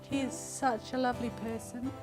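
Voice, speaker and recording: A woman's voice: fairly high pitch, steady tone, normal speed, music in the background. A woman, a mother telling a personal story in an interview, speaking in a conversational, earnest way with some hesitations.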